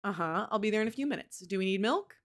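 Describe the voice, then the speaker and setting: A woman reading a brisk, worried dad. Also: medium pitch, animated, close to an everyday voice. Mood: urgent. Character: worried father on the phone.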